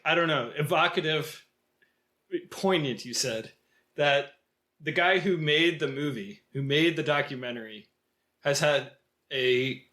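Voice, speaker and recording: A man's voice: a little high, bright, forceful tone. Musing man on a film podcast. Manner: thoughtful, musing, hesitant with many fillers. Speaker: podcast co-host. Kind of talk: casual film discussion.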